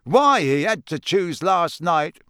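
A man reads a harried middle-aged wizard official in a storybook, pressing and complaining. The voice sits a little high and sounds dry and close. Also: very animated, takes it slowly, sharp tone, smooth, no echo, full character voice. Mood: apologetic.

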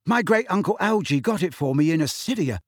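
A man's voice: a little high, sing-song, measured pace, breathy edge, no room sound, clean studio sound, pitched above the performer's own voice, exaggerated voice. A man reading a story aloud, voicing a clumsy, eager teenage boy wizard who talks breathlessly and earnestly. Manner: breathless, earnest, a little flustered.

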